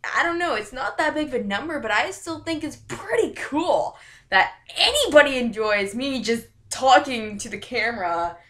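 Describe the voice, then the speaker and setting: Woman vlogger with a high, bouncy voice who rambles and giggles. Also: lively intonation, moderate pace, a bit bright. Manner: giggly, rambling, self-correcting. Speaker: YouTuber. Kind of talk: casual vlog chat to camera.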